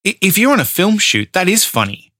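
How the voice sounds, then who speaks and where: A man co-hosting a podcast in casual chat, animated, laughing often and swearing freely. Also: sits high, brisk, no room sound, clean studio sound. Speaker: podcast co-host.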